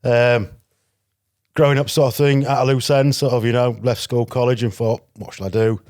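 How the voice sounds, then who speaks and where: A man's voice: mid-range voice, level tone, moderate pace, a little mellow, no echo, clean studio sound. A man from North Yorkshire with a Yorkshire accent, a podcast guest telling stories of his past in a chatty, anecdotal way and acting out quoted exchanges. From North Yorkshire, England. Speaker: guest, former legionnaire. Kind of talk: casual storytelling interview.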